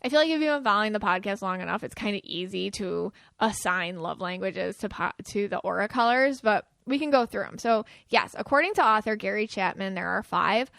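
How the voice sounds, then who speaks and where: A woman's voice: medium pitch, animated, fairly quick, vocal fry, hardly any pauses, fairly bright tone, no echo, clean studio sound. A woman hosting a podcast, talking casually and chattily, acting out the quoted lines of the people she describes. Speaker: podcast host.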